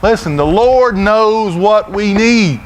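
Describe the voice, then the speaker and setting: A middle-aged man with a Southern US accent preaching a sermon in a church, folksy and loud, often repeating his words as he goes. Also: high-pitched, slow, slight background noise. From Florida, USA. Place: church sanctuary.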